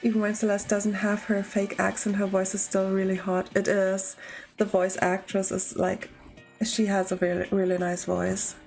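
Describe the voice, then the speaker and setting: A woman's voice: mid-range voice, monotone, moderate pace, vocal fry, a little mellow, faint music behind, poor audio. A young woman streaming a game, talking casually and emotionally, swearing as she reacts. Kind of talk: casual gameplay commentary.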